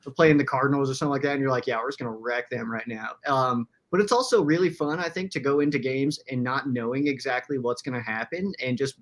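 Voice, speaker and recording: A young man co-hosting a casual live-streamed sports chat from a small room. He is excitable, laughs often and fills his talk with "like". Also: medium pitch, fast talker, few pauses. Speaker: podcast co-host.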